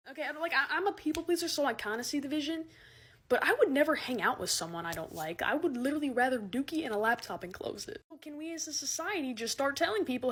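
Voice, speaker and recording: A woman's voice: a little high, slightly rough. A young woman delivering a sarcastic comedic rant with exaggerated shifts in tone. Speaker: comedy content creator.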